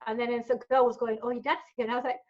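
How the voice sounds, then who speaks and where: A woman's voice: fairly high pitch, very fast, crowd noise. A woman in her forties, with family from Gujarat, telling stories bluntly as a guest in a casual interview and acting out what people said. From family from Gujarat, India. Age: 40s. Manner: blunt, animated storyteller, acts out quotes. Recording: dull lo-fi recording.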